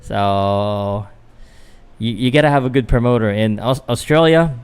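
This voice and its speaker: A man's voice: mid-range voice, measured pace, smooth. A Filipino man, a boxing vlogger doing casual live fight commentary, chatting loosely to viewers with fillers and restarts. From Philippines.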